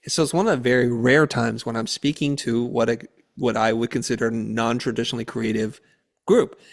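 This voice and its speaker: A male guest on a podcast tells a story in a brisk, mid-range voice. His conversational storytelling is animated, and he acts out the quotes within it.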